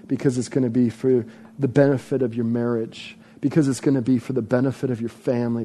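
Male pastor, sermon delivery, slightly high pitch, warm mellow tone, emphatic repetition. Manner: emphatic, repeats phrases for effect.

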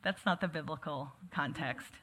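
Bright-voiced woman giving casual church teaching. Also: sits low, moderate pace, breathy edge. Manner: conversational, with frequent "like" and "right?". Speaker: church teacher leading a book study. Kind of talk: casual sermon-style Bible teaching.

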